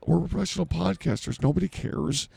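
Man, comedy podcast host, ranting, blustering, dark, gravelly. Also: a little high, animated, a little fast, no room sound. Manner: blustering, ranting, mock-authoritative.

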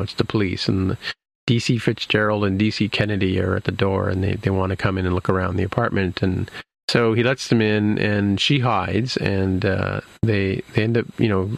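A man's voice: fairly low pitch, gravelly, no room sound, poor audio. A man casually retelling a show's plot, rambling with lots of fillers and restarts. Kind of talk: casual episode recap.

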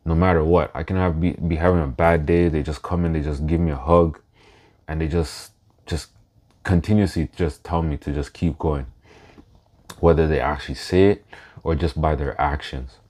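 A man in his thirties hosting a solo podcast in a casual way, slow and reflective, pausing to gather his thoughts. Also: a bass voice, fairly even intonation, a little mellow. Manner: emotional, laughs through his words. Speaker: podcast host.

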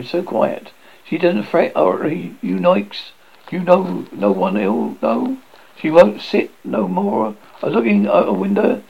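Man putting on a grieving old servant woman, gravelly and accusing, lo-fi audio, horror story reading. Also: high voice, voice pushed up, full character voice. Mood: bitter. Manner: accusing, rustic country speech.

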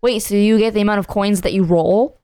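A woman's voice: mid-range voice, fairly even intonation, brisk, warm tone, smooth, no echo, clean studio sound, faint music behind. A woman co-hosting a podcast, chatting casually through a party video game, blunt and swearing freely. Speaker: podcast co-host. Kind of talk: casual gameplay chat.

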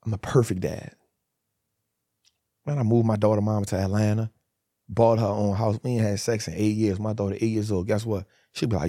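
A man's voice: fairly low pitch, brisk, dry recording, studio quality. A man speaking as a podcast guest, telling stories from his life in a casual, emphatic way, acting out quotes and leaning on "bro". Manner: animated, emphatic storytelling with frequent "bro". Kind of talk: casual storytelling interview.

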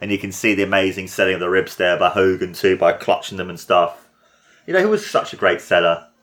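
Low-voiced man gushing over an old match. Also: fairly quick. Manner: gushing, excitable, full of "like" and "you know". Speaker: podcast host. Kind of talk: casual watchalong commentary.

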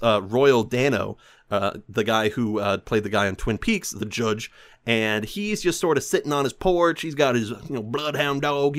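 A man hosting a casual, rambling movie recap, animated and often jumping into silly voices. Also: medium pitch. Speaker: podcast host.

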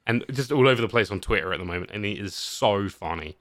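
A man hosting a podcast in casual chat, animated, laughing often and swearing casually as he talks about games. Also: fairly low pitch, fast talker, no echo, studio quality. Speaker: podcast host.

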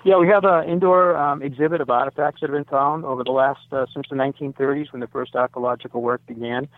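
Heard on a dry phone line with no echo, a sixty-something American site owner speaks as a radio interview guest. His voice is medium-pitched with fairly even intonation and a quick pace, and his talk rambles with many fillers and self-corrections.

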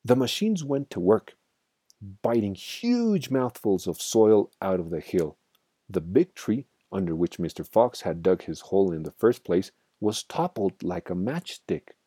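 A man reading a children's storybook aloud in an expressive, dramatic way. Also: lowish voice, unhurried, slightly rough, no room sound, clean studio sound.

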